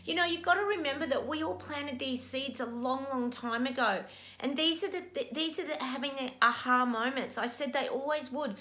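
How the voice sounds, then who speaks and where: A woman's voice: high voice, moderate pace, bright, forceful tone. A middle-aged woman vlogging as a psychic, emotional and breathless, laughing often and near tears. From Australia. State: overwhelmed, teary. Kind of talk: casual video monologue.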